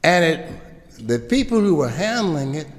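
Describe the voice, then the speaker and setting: A man's voice: a little high, big pitch swings, a little slow. An older man with a Virginian accent, a former governor telling stories in a gala speech and acting out the exchanges he recounts. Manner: storytelling, acts out quoted exchanges. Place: large banquet hall. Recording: hall reverb.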